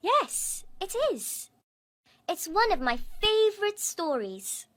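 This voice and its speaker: A woman's voice: very high-pitched, very animated, slow, a bit bright, exaggerated voice. A woman voicing a friendly young schoolgirl who loves reading, answering sweetly and carefully.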